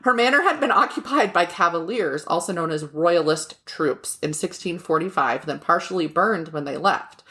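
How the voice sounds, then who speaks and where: A woman's voice: fairly low pitch, expressive, normal speed, hardly any pauses, bright, forceful tone. A woman co-hosting a podcast from the United States, telling a story in a casual, joking way, cursing now and then. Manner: chatty, laughing, swears casually, jokes about pronunciation. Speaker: podcast co-host.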